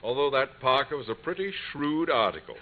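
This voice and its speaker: An actor playing a blustering, self-important middle-aged bank clerk turned farmer in a 1950s radio comedy. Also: male voice, mid-range voice, expressive, brisk, close to an everyday voice. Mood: boastful. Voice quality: pompous, blustery. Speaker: lead character. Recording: scratchy old broadcast recording, tinny and hissy.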